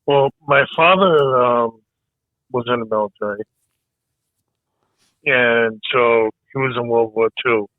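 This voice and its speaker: Hoarse male guest, halting delivery, thin phone-like sound, dry. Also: medium pitch, dry recording. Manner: halting, hesitant speech. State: losing his voice. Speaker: military veteran guest. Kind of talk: casual podcast interview. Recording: tinny phone-like line.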